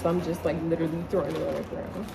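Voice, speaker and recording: A young woman chatting casually in her living room, excitable and slangy, as a vlogger showing clothes. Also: deep voice, racing, gravelly, background noise. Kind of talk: casual haul video chat.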